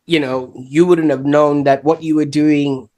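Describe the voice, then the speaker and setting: A man hosting an interview podcast, asking questions haltingly and repeating words as he builds them. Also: on the high side, little pitch movement, background noise. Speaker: podcast host.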